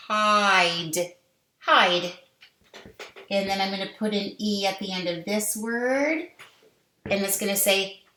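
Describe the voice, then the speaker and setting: A woman teaching a phonics lesson to young children, sounding out words slowly with sing-song prompts. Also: medium pitch, a bit bright. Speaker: kindergarten teacher. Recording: echoey room.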